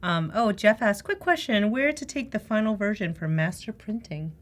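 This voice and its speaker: A woman's voice: mid-range voice, animated, moderate pace. Philly accent woman co-host, kinda hesitant, agrees a lot, mid voice. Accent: Philadelphia. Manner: hesitant, agreeable, short replies. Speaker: livestream co-host. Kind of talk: casual chat.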